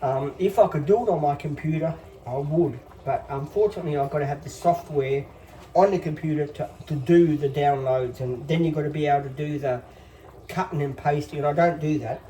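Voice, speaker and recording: A man in his fifties talks casually to his viewers in a mellow, fairly high voice, wandering through his thoughts with plenty of ums. He sits a little back from the phone recording him. A faint room hum runs underneath. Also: a little fast, recorded from a distance. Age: 50s. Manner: rambling, filler-heavy, reassuring. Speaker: channel host. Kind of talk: casual phone vlog monologue.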